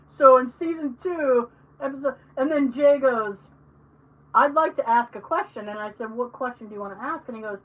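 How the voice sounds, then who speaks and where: A woman co-hosting a podcast in casual chat, telling animated stories, acting out the people she quotes and swearing freely. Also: a little high, brisk, distant mic, rough recording. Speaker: podcast co-host.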